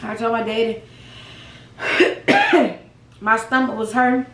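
A woman's voice: a little high, animated, slow pace, fairly bright tone, reverberant, recorded from a distance, poor audio. A young woman vlogging to camera while eating, chatting to viewers in a folksy, laughing way with asides like "child" and "baby". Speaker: mukbang vlogger.

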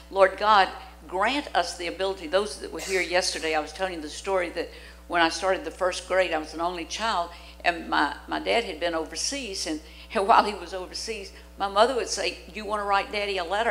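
An older woman from Louisiana, preaching a storytelling sermon in a church, dramatic and animated as she acts out the voices in her stories. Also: on the low side, rough recording. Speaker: guest preacher. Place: church sanctuary.

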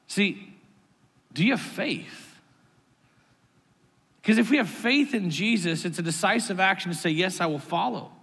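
Pastor guy preaching, tells stories, voice jumps way up, kinda high, big echoey church. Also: measured pace, creaky, pauses often, slightly rough. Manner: animated storytelling with sudden jumps in pitch. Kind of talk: sermon. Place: church sanctuary. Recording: long reverb of a large hall.

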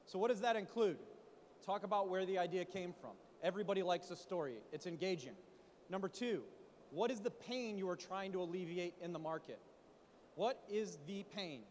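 A man speaking at a conference, coaching founders on pitching in an animated way, full of rhetorical questions. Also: moderate pace, long reverb tail, slight background noise. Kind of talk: startup pitch talk. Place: conference stage in a large hall. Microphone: handheld mic.

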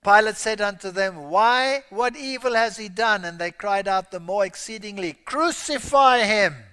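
A man's voice: high-pitched, moderate pace, pushed and bright, smooth. A man preaching a sermon, reading scripture aloud with emphatic, rising exclamations. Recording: long hall reverb.

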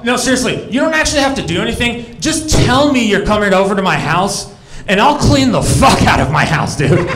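A man's voice: sits high, fairly bright tone. A young man doing a crude, rambling stand-up set on a comedy club stage, talking to the crowd.

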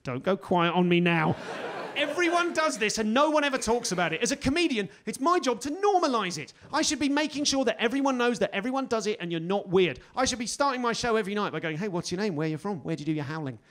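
A British man in his forties performing a stand-up comedy set, telling stories with sudden loud outbursts. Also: very high-pitched, animated, quick pace, few pauses. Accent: British English. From England. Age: 40s. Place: comedy stage before a live audience.

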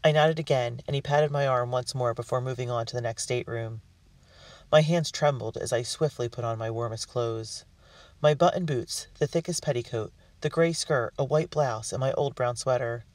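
A man narrating a storybook in the first person with an earnest, expressive delivery. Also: mid-range voice, normal speed, no echo. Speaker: audiobook reader. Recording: dry, distant mic.

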